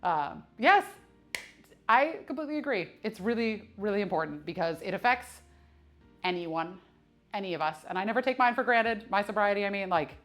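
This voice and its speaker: A woman, talking on a live stream from the gym in a candid, chatty way. She swears freely and laughs a lot, her voice at an ordinary middle pitch. Quiet music plays in the background. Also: lively intonation, moderate pace. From United States. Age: 30s. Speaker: fitness streamer. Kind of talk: casual live-stream chat. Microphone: streaming camera mic.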